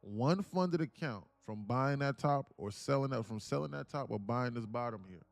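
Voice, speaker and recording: A man hosting a day trading livestream, talking in loose, joking, slang-heavy banter with quick restarts. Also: medium pitch, expressive, vocal fry, no echo, faint music behind. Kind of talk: casual livestream chat.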